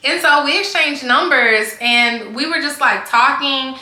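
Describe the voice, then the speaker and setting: Chatty young woman, bright, echoey room. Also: high voice, measured pace. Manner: chatty, rambling, heavy use of "like". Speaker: vlogger telling a storytime. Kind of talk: casual storytime chat.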